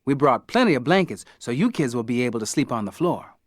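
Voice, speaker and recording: A brisk, organized mother reading out her plans in a slightly raised, lively voice, as a man reading a storybook puts her on. The recording is dry and close. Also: medium pitch, dry recording. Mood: practical planning. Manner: brisk, matter-of-fact, list-reading. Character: organized, practical mother planning a family trip.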